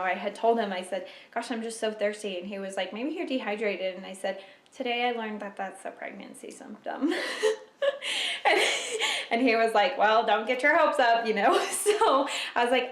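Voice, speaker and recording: A young woman vlogger chatting casually to camera at home, emotional and quick to laugh. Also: mid-range voice. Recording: echoey room.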